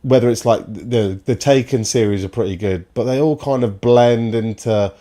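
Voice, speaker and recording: A man's voice: medium pitch, moderate pace, dark tone. Mid-voiced guy on a footy stream, dry sarcastic riffs, chatty. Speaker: co-host of a football watchalong stream. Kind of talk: casual chat.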